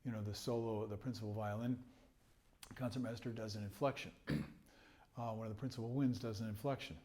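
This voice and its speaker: A man's voice: on the low side, steady tone, brisk, darkish tone. A man teaching trumpet, patiently explaining rhythm and phrasing, now and then chuckling and singing rhythms aloud. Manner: chuckles between points. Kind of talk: music lesson explanation.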